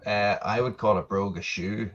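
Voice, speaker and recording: A man's voice: fairly low pitch, fairly even intonation, normal speed, fairly bright tone, slight background noise. Joking Irishman on a muffled video call. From Ireland. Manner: jokey, self-mocking, laughs at his own lines. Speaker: guest. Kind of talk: casual chat over a video call.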